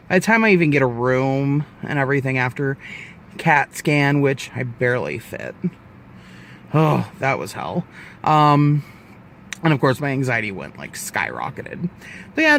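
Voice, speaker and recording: His voice on the high side, a man in his twenties vlogs casually about something that happened to him, with slight background noise. He's animated and profane and acts out the people he quotes.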